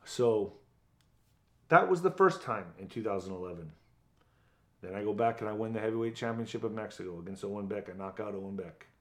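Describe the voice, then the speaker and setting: Interview guest: low-pitched middle-aged man, blunt, profane storyteller. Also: lively intonation, a little fast. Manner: blunt, profane, vivid retelling with acted quotes. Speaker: guest, former boxer.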